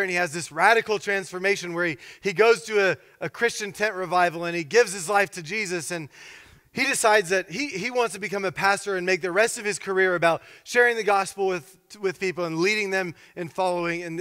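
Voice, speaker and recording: A man preaching a sermon as pastor, telling stories with lively, animated delivery and acting out the people in them. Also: high-pitched, a little fast, clear, resonant tone, big-room sound. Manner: animated storytelling, acts out characters.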